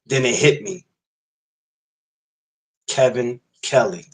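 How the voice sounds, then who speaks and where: A man in the host's chair of a boxing podcast, talking casually to his viewers in a loose, slangy way. His voice sits at an ordinary middle pitch for a man. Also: slow, gravelly, poor audio. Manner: loose and chatty, slangy greetings to the audience. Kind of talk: casual livestream podcast chat.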